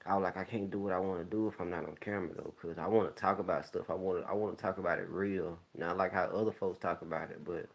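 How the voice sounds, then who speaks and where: A man hosting his own YouTube channel, telling stories to viewers in a relaxed, rambling way with plenty of slang. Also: low-pitched, fast talker, creaky, few pauses. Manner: laid-back, rambling storytelling with slang. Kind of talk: casual talk to viewers.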